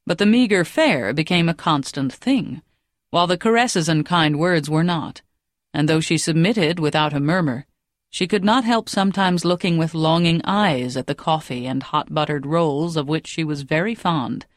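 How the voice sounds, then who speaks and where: A woman reading an audiobook in a measured, even narration. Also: low voice, dry recording, studio quality.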